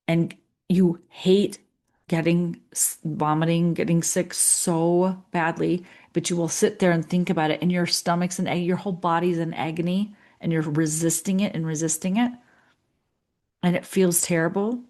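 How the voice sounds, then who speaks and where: Chatty woman leadership coach, lowish voice. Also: steady tone, moderate pace, darkish tone. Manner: earnest, chatty, acts out clients' voices. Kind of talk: coaching session talk.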